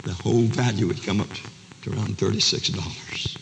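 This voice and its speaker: An older man preaching a dramatic sermon to a large camp meeting, acting out each character's voice, shouting one moment and whispering the next. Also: lowish voice, steady tone, a little fast, creaky. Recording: live sermon recording, long hall reverb, faint noise.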